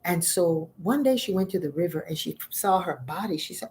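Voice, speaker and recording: A middle-aged woman, a spiritual teacher, telling a folk myth in a conversational, expressive way. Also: lowish voice, fairly quick, hardly any pauses.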